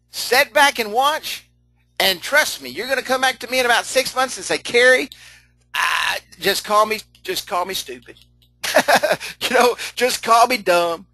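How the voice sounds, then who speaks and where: A man's voice: sits high, bright, forceful tone, no echo, low-quality recording. A middle-aged man leading a live online training session, folksy and chatty, laughing often, repeating himself and answering chat comments as he goes.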